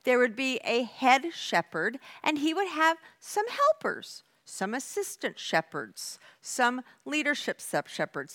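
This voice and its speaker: Lively bright-voiced woman teaching. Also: high-pitched. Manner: conversational, animated retelling. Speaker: church teacher. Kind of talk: sermon.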